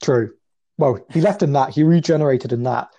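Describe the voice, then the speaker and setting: A man's voice: mid-range voice, moderate pace, warm tone. A man co-hosting a casual podcast chat, talking chattily and laughing often. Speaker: podcast co-host. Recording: dull lo-fi audio.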